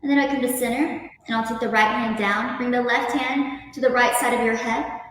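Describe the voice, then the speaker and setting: A woman yoga instructor speaking calmly, gently guiding breathing and stretches. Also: on the high side, fairly quick, very echoey, big-room sound, distant mic, a little hiss or hum, poor audio. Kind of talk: guest interview then guided yoga instruction.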